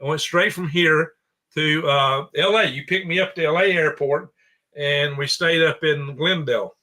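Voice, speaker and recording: Bright-voiced rambling American man. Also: a little high, normal speed. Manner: rambling, self-correcting, chuckling. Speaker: show guest and channel host. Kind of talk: casual podcast chat.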